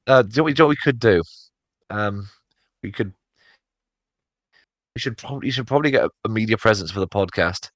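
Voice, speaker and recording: A man's voice: fairly low pitch, fast talker, long pauses, no echo. A man co-hosting a casual podcast chat, rambling with many fillers and restarts. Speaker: podcast co-host.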